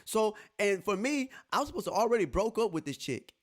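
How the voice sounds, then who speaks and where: Man, podcast host, high voice, very lively pitch, animated storytelling, casual chat. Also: fast. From Texas. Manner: animated, laughing, quotes others in lively voices.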